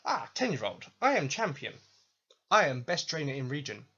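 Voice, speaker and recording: A man's voice: mid-range voice, very animated, normal speed, pushed and bright, husky, full character voice. A man voicing a pompous male champion who boasts in stilted broken English. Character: pompous male regional champion, lofty and lazy. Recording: dull lo-fi recording.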